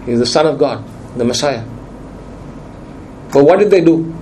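A man's voice: medium pitch, lively intonation, normal speed, warm tone, a little hiss or hum, poor audio. A man preaching a sermon, emphatic and repeating his key lines for weight.

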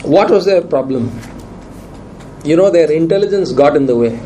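A man's voice: a little high, animated, moderate pace, mellow, slight background noise, low-quality recording. A man preaching a sermon, emphatic and repeating his key lines for weight.

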